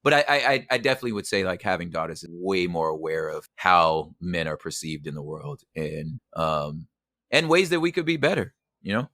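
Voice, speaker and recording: A man's voice: low-pitched, expressive, a little fast, sharp tone, dry recording, clean studio sound. A man talking as a podcast guest in casual conversation, emphatic and slangy, often adding "you know what I'm saying".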